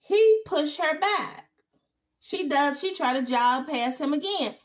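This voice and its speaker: A woman giving a casual, animated TV episode recap with exclaiming asides. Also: high voice, takes it slowly. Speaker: TV recap host.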